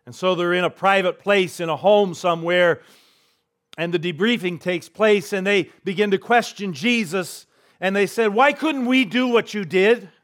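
Higher-voiced male pastor preaching. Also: a bit bright. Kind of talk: sermon.

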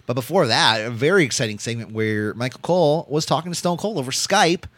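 A man co-hosting a podcast, giving a rambling, animated wrestling recap full of fillers and swearing. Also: medium pitch, fairly quick. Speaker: podcast co-host. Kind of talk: casual wrestling recap chat.

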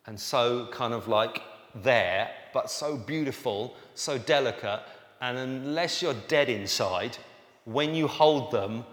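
A man's voice: medium pitch, fairly bright tone. A man preaching a sermon in a conversational, emphatic way. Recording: echoey hall, room reverb.

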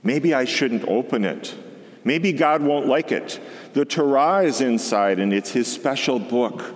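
Man doing a timid little boy, earnest, hushed, slow, long church echo. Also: medium pitch, lively intonation, natural voice. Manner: hushed, wondering.

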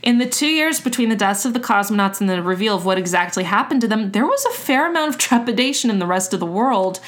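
A woman hosts a podcast and walks through a story in casual chat. She sounds relaxed and conversational and drops the odd swear. Her pitch sits in the middle. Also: fast. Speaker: podcast host.

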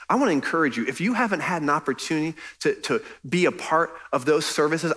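A man's voice: fairly high pitch, fairly bright tone. A man preaching a sermon as pastor, earnest and conversational, pressing his points with emphasis.

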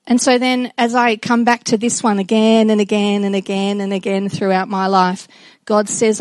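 A middle-aged woman giving a personal devotional talk to children and a congregation, earnest and reflective, with halting restarts. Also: mid-range voice, level tone, dry recording. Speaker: speaker addressing children and congregation.

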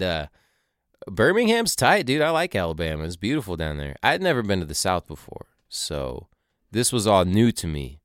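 A young man with a very low, smooth voice rambles through a casual, profane monologue full of conspiratorial asides. The sound is dry and close, with no room around it. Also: dry recording. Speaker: podcaster recounting a tour.

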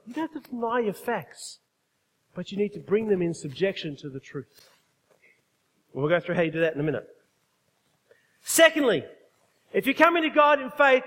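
A man's voice: very high voice, bright, forceful tone, long reverb tail. A man preaching a sermon, emphatic, often putting questions to his congregation. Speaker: pastor.

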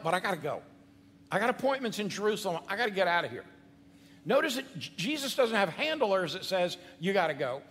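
A male pastor preaching a sermon in an animated, conversational way, with asides to the congregation. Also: high-pitched, slightly rough. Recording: long hall reverb.

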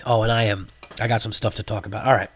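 A man's voice: fairly low pitch, fast talker. A man hosting his own comedy podcast with a congested, sick voice, rambling casually with fillers, swearing freely and getting fired up as he talks. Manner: animated, profane, rambling with fillers. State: congested from a cold. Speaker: podcast host, stand-up comedian. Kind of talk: casual solo podcast monologue.

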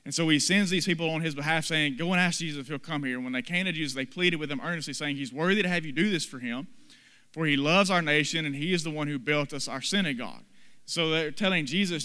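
A man preaching a sermon, dramatically acting out the people in the story with sudden loud and soft swings. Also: fairly high pitch, quick pace, smooth, long reverb tail. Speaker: pastor.

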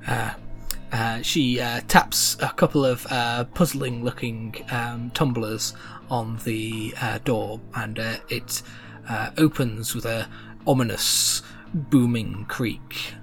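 A woman's voice: extremely low pitch, steady tone, slow pace, soft background music. A woman narrating a tabletop game as game master, hesitant and full of fillers.

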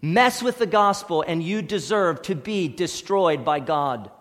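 A male pastor preaching with emphatic force, rising to loud stressed words and dropping to quiet low asides. His voice sits a little high for a man. It rings with a long church reverb and sometimes drifts off the mic. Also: lively intonation, a little slow. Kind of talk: sermon. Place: church sanctuary.

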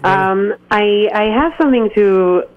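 A woman's voice: medium pitch, measured pace. A woman calling in to a radio show, speaking earnestly and urgently. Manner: earnest, urgent, hesitant at first. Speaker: caller. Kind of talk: phone-in call. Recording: dull phone line.

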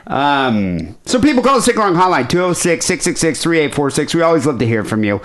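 A man's voice: a little high, big pitch swings, fairly quick, hardly any pauses, fairly bright tone. A man hosting a podcast, chatting casually with crude, loose banter. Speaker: podcast host. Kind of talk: casual chat.

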